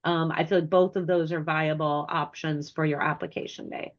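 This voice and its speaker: A woman's voice: low voice, fairly even intonation, moderate pace, highs cut off. A woman speaking as a guest expert on a webinar, chatty and emphatic, sounding congested from illness. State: ill, congested. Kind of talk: webinar presentation.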